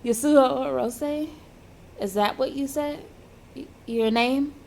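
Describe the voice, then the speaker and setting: A woman's voice: high-pitched, slow, vocal fry, a little mellow, a little hiss or hum, full character voice. A woman reading a bewildered young man. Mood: confused. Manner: bewildered questioning. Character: confused young man waking with no memory.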